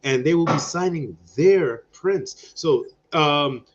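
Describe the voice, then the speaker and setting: A man's voice: takes it slowly, lo-fi sound, noisy background. A man hosting a livestream, hyping products to the audience over a video call. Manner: hyped salesman pitch. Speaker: stream host.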